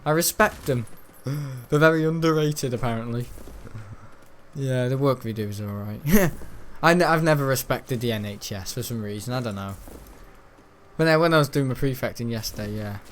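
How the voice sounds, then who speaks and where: A man's voice: medium pitch, normal speed, slight background noise. Chatty young guy rambling. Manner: chatty, storytelling, mimics the people he talks about. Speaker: gaming channel host. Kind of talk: casual rambling chat over gameplay.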